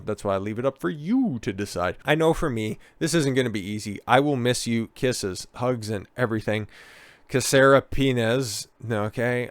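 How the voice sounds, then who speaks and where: A man reading news stories aloud and breaking in with mocking, sarcastic remarks, with loud bursts when he reacts. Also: lowish voice, clean tone, no room sound. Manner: mocking, sarcastic, talks over what he reads. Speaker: commentator.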